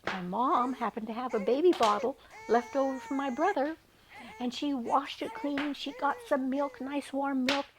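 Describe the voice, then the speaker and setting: An older woman telling a childhood story in a gentle, sing-song way, lingering tenderly on her words. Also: high voice, fairly even intonation, normal speed, noisy background. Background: music.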